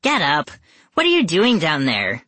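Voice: mid-range voice, huge pitch swings, measured pace, bright, forceful tone, dry recording, full character voice. A reader voicing a pushy, teasing girl, the older sister, in a bossy and impatient way. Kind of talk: audiobook character voice.

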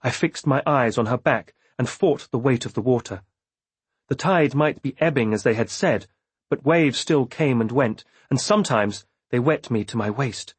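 A man reading a novel aloud in first person with measured, steady storytelling. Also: medium pitch, slightly rough, no room sound. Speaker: audiobook narrator. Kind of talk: scripted first-person narration.

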